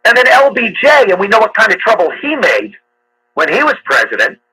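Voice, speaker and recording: A man's voice: high-pitched, huge pitch swings, fairly quick, pushed and bright, husky, low-quality recording. A man hosting a talk radio show, delivering a sarcastic, ranting monologue with frequent fillers.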